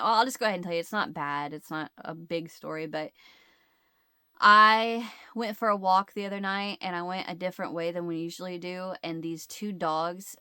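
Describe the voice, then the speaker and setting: A woman's voice: fairly low pitch, bright, forceful tone, smooth, no room sound, clean studio sound. Rambling middle-aged woman chatting to viewers. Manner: rambling storyteller, loses her words and restarts. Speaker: host of a crochet channel. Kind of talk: casual chat to viewers.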